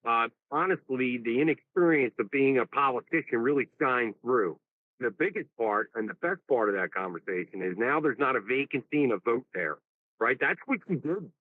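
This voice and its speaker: A man's voice: mid-range voice, animated, moderate pace, no echo. A man with a mid-range voice calls into a live stream. His voice comes through a tinny, phone-like line. He talks emphatically, stumbling over repeated words, and the sound is dry. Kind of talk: casual political chat.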